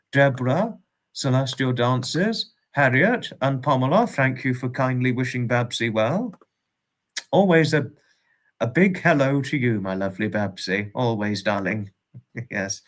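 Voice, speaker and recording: A man hosting a livestream in casual chat, warmly greeting viewers and reading out their comments with frequent chuckles. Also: medium pitch, animated, unhurried. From United Kingdom. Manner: affectionate, greets viewers as darling, chuckles often. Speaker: livestream host.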